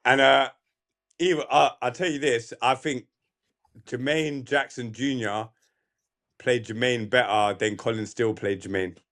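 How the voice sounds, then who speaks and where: A man chatting casually on a podcast at an average pitch. He recaps things in a relaxed, easygoing way, with plenty of fillers. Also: measured pace. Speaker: podcast guest. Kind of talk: casual chat.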